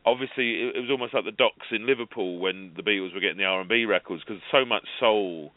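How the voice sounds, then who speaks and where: A man's voice: fairly low pitch, fast, dry recording. A man, a guest author on a radio show, telling rambling stories and correcting himself as he goes. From England. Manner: rambling, self-correcting storyteller. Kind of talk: casual radio interview. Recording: narrow phone-like line, dry.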